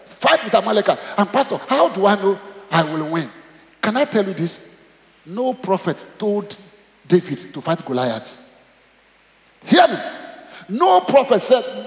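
A middle-aged Nigerian man preaching a sermon as pastor, swinging between high exclamations and low asides and dropping in Yoruba phrases. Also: big pitch swings, unhurried, vocal fry, long pauses. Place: church. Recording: echoey church hall.

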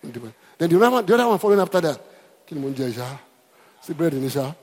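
A man's voice: a little high, big pitch swings, racing, darkish tone, long reverb tail. A man preaching a sermon, emphatic and repetitive, calling out to the congregation. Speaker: pastor.

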